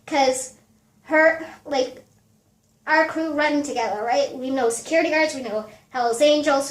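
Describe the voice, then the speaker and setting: A young woman in her twenties vlogging a casual storytime, animated and full of fillers and swearing. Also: high-pitched, roomy sound.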